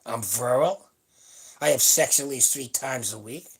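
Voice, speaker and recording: An older man in his seventies talks on a live stream in a gravelly, husky voice. His manner is blunt and rambling, with salty asides, and his pitch sits in a middle range. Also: moderate pace. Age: 70s. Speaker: powerlifting channel host. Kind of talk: casual livestream chat. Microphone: webcam or phone on a live stream.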